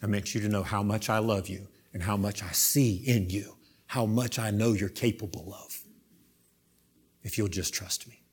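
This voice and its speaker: A man voicing a gentle, loving male savior who pleads softly and tenderly. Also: on the low side, steady tone, moderate pace, husky. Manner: soft, hushed, tender pleading.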